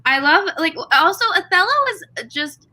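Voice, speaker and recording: A woman's voice: extremely high pitch, normal speed, sharp tone, low-quality recording. A young woman co-hosting a book club discussion in casual chat, talking loosely with lots of fillers and casual swearing.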